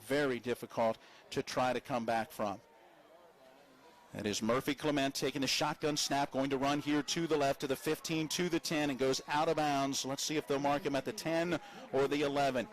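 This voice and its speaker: A man with a West Virginian accent calling a high school football game live, reading sponsor spots between plays and climbing in pitch on big plays. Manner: fast, rising excitement on big plays, chatty asides. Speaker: play-by-play announcer. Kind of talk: live sports commentary with sponsor reads.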